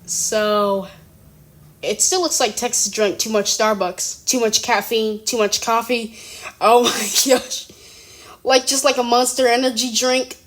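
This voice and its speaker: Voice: mid-range voice, steady tone, unhurried, fairly bright tone. A young speaker at home, giving a casual reaction commentary, often giggling and exclaiming in surprise, rambling and correcting themselves. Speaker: reaction video creator. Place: room at home.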